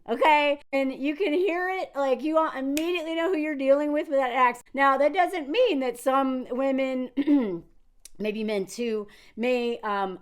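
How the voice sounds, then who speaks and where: Animated woman, high-ish voice. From Nashville, Tennessee, US. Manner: animated, laughs often, restarts sentences. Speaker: video commentator. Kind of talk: casual commentary to camera.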